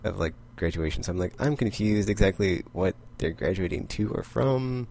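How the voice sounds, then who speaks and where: Low, gravelly man rambling about comics. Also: moderate pace, a little mellow, a little hiss or hum. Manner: rambling, heavy use of "like". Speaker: comic book vlogger. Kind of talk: casual comic recap.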